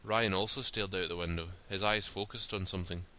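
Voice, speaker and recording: A man reads a story aloud in a steady, plain style. His voice sits fairly low but comes across forceful and sharp-edged. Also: fairly quick. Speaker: narrator. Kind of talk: storybook reading.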